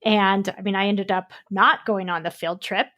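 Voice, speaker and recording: This woman co-hosts a podcast and keeps things casual and chatty. She shares her thoughts in a relatable, offhand way at a middle pitch. Her tone is easygoing and conversational. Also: steady tone, normal speed, sharp tone, lo-fi sound. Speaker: podcast co-host.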